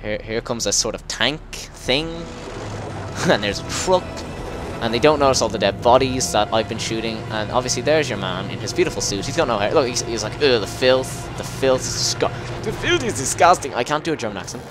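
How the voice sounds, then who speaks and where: Excitable gamer man yelling over game music. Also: medium pitch, a little fast. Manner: excitable, swears, bursts into yells. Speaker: gameplay video host. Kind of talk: let's play commentary. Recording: game music clearly behind the voice. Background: game music and sound effects.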